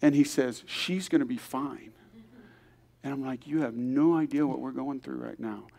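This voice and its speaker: A man's voice: mid-range voice, moderate pace, vocal fry, dark tone. An older man, a grandfather, telling an earnest story at a church service, acting out the voices of the people he quotes. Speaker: guest speaker.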